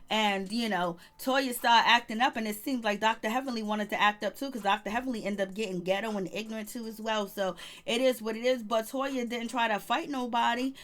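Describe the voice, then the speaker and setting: Chatty, gossipy woman recapping reality TV. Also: fairly high pitch. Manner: chatty, gossipy, quotes others in animated voices. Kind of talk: casual recap monologue.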